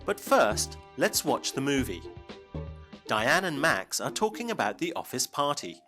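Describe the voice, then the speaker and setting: A man presenting a scripted English lesson, speaking clearly and slowly for learners. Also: mid-range voice, sing-song, bright, forceful tone, soft background music. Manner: clear, slow teaching delivery. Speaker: English teacher.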